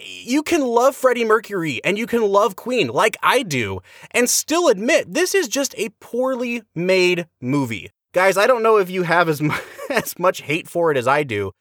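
A man's voice: moderate pace, no room sound, studio quality. A man co-hosting a podcast, giving an emphatic, exasperated movie review in casual chat. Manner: animated, emphatic, exasperated critique with big pitch swings. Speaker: podcast co-host, film reviewer.

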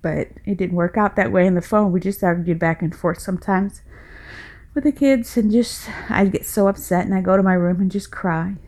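A woman's voice: mid-range voice, normal speed, darkish tone. A middle-aged woman hosting her own podcast, talking in a rambling, folksy way with passion and some laughter, a little out of breath. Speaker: podcast host. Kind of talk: casual personal podcast monologue.

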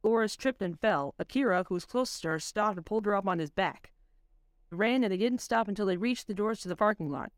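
A woman reading her own spooky story aloud on a voice call, in a measured storytelling manner. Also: medium pitch, expressive, no echo, clean studio sound. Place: home voice chat. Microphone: computer mic on a voice call.

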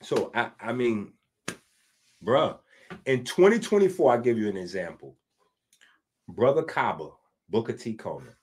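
A man from the Bronx, hosting a podcast and delivering a casual commentary monologue. He is animated and swings between loud and hushed, with frequent asides. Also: mid-range voice, moderate pace, pauses often, breathy edge. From the Bronx, New York. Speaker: podcast host.

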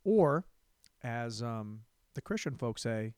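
A man's voice: a little high, animated, normal speed, dry recording, studio quality. A young man hosting a comedy podcast, telling a crude, rambling story and repeating words for laughs.

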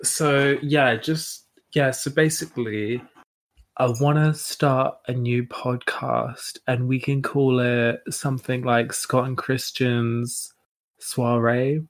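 A man's voice: medium pitch, steady tone, slow. Snippy sarcastic young man hosting. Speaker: podcast host. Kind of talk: comedic scripted podcast sketch.

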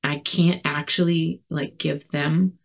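A woman giving a personal recovery share, earnest and reflective, talking in a halting way with many fillers and restarts. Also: deep voice, fairly even intonation, vocal fry. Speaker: recovery community speaker.

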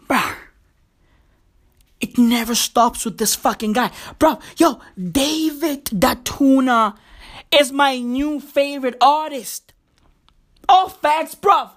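Animated high-voiced woman ranting. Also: slow pace, pauses often, husky. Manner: profane, slangy, incredulous. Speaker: commentator. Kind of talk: comedic rant to camera.

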